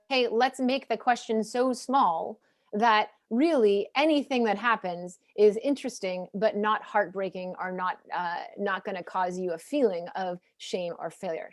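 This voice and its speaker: A woman's voice: medium pitch, darkish tone, no room sound. Chatty woman in her forties, dry sound. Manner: chatty, laughs easily, plays out family dialogue. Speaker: panel moderator. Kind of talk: casual panel talk.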